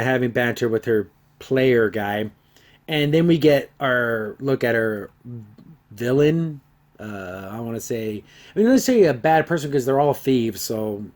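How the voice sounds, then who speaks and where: Sarcastic man ranting about a show. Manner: sarcastic, exasperated, mocking; lively swings in pitch and loudness. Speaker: podcast host reviewing a show. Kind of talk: casual episode review.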